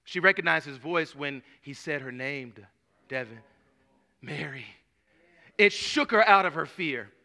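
Bright, high-voiced male preacher. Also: lively intonation, moderate pace. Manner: conversational, humorous, repeats words and restarts, addresses listeners by name. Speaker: pastor. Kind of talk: sermon.

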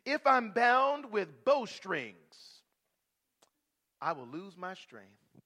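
A man's voice: sits high, big pitch swings, unhurried, fairly bright tone, voice pushed up, exaggerated voice. A male preacher voicing a boastful strongman who teases and taunts. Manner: swaggering, taunting. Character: boastful strongman warrior, cocky.

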